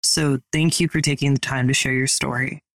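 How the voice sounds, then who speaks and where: Gravelly, even-toned man interviewing. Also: mid-range voice, no room sound. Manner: measured, carefully worded questions. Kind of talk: supportive interview questions.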